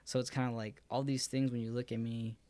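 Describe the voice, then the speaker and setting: A young man speaks fairly quickly at medium pitch, with no room sound, in an informal podcast chat. He stays relaxed and rambles, his speech heavy with filler words.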